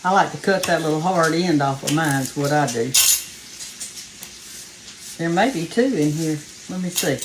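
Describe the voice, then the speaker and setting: A woman's voice: deep voice, animated, normal speed, pauses often, noisy background. Folksy Southern woman cooking at home. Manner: folksy and chatty, talks straight to viewers as "y'all". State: a little out of breath. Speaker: cooking show host. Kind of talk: casual cooking demonstration. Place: home kitchen. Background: faint frying sizzle.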